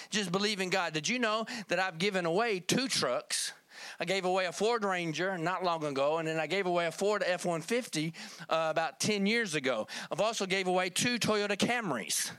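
A man's voice: high-pitched, sharp tone, clear, resonant tone, no echo. A man from Kentucky telling a folksy testimony in a sermon, calling on the church for amens. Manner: folksy storytelling, calls for amen. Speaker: preacher.

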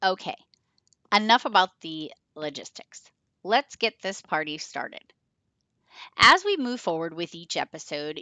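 A woman's voice: on the low side, bright, forceful tone, dry recording. A woman in her forties hosting a podcast, chatty and enthusiastic as she talks about her work and tells stories. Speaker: podcast host. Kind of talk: podcast intro monologue.

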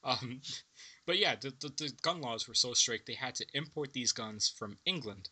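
A man's voice: mid-range voice, normal speed, breathy edge. Laughing, swearing man on a film podcast. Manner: excitable, swears freely, laughs often. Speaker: podcast co-host. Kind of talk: casual film podcast chat.

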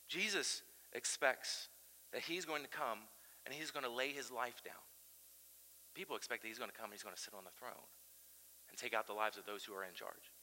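A man preaching a sermon as pastor, animated and swinging between loud emphasis and quiet intensity. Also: mid-range voice, long reverb tail, rough recording. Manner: animated preaching, chanting crowd shouts aloud.

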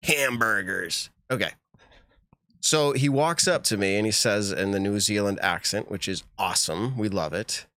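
A man's voice: on the low side, moderate pace, hardly any pauses, a bit bright, dry recording, studio quality. A young man co-hosting a podcast, telling a story in a rambling way and laughing often. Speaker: podcast co-host. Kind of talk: casual chat.

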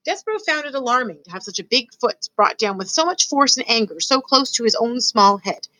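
A woman reading a children's storybook aloud with expressive storytelling. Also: a little high, fairly quick, dry recording, poor audio. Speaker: student reader.

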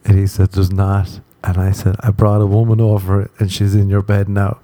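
Low, mellow-voiced man rambling crudely. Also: completely flat delivery, normal speed, dry recording. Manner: crude, rambling storytelling with acted-out quotes. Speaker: podcast host. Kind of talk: casual comic monologue.

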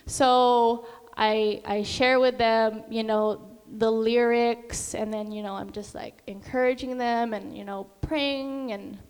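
A woman's voice: fairly high pitch, fairly even intonation, takes it slowly, darkish tone, clean tone. A young woman sharing a personal faith testimony in a chatty way, full of fillers and acted-out quotes. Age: young adult. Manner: chatty, many fillers, sings and acts out quotes. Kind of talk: casual testimony talk. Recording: long hall reverb.

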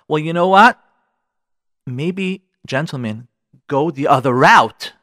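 A man's voice: fairly high pitch, lively intonation, slow pace, a bit bright, dry recording, studio quality. A man hosting a radio advice show, talking frankly and getting worked up as he addresses listeners directly. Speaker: radio show host giving marriage advice. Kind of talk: animated advice talk.

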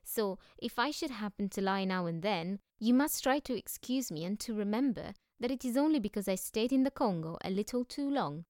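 A woman voicing a bold, boastful young girl who tells tall tales, loud and cheerful. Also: medium pitch, animated, a little fast, hardly any pauses, no echo, studio quality, close to an everyday voice.

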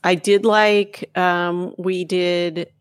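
A woman co-hosting a podcast in casual chat, unhurried and searching for words, laughing often. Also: fairly low pitch, little pitch movement, smooth, dry recording. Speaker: podcast co-host.

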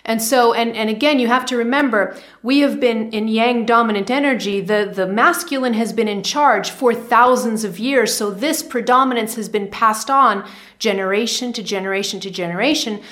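A woman's voice: on the high side, moderate pace, fairly bright tone. A woman giving a spiritual teaching monologue to camera, repeating phrases for emphasis and often checking in with okay.

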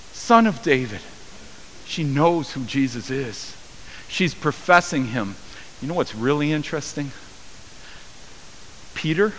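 A man preaching a sermon as a pastor, acting out the voices of the people in his story with rising pitch and volume. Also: bright, forceful tone. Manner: acts out quoted voices with raised pitch and volume. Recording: long hall reverb with faint hiss.

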